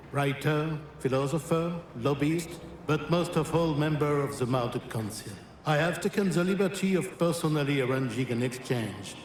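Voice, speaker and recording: An actor playing a grand, cryptic French council member in a game, speaking with a French accent. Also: male voice, mid-range voice, close to an everyday voice. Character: suave French male council member, lofty philosopher. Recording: distant roomy game audio, noisy.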